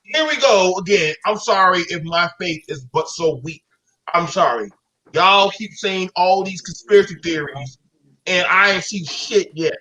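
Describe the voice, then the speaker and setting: A man's voice: high voice, expressive, unhurried, pushed and bright, low-quality recording. Profane, exasperated male stream host. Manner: profane, exasperated, talks over callers. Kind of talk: heated live call-in debate.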